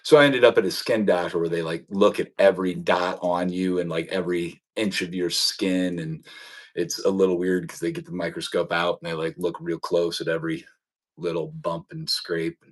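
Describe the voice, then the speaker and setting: A man's voice: low voice, little pitch movement, moderate pace. A man in his forties hosting a livestream, telling rambling personal stories in casual chat and laughing often. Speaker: livestream host.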